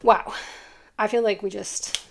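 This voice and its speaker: A young adult woman giving a casual, effusive tarot card reading to her viewers, full of "like"s and quick laughs. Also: mid-range voice, steady tone, creaky. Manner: chatty and effusive, many "like"s, quick laughs, acts out imagined people.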